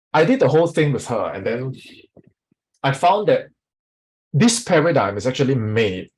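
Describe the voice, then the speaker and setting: A man as a sales coach teaching a live online workshop, energetic and often putting questions to the audience. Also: medium pitch, breathy edge, rough recording.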